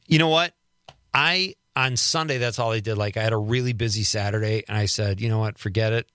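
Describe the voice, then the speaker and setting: A man's voice: lowish voice, fairly quick, pushed and bright, clear, resonant tone, no echo. A man hosting a radio show in a studio, chatting casually and joking at his own expense. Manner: chatty and self-deprecating. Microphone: studio microphone.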